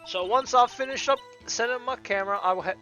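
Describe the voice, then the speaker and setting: A man's voice: extremely high pitch, fast talker, bright, forceful tone, soft background music, voice pushed up. A man voicing a flustered female witness, trying a Southern US drawl and stammering defensively. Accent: attempted Southern US drawl.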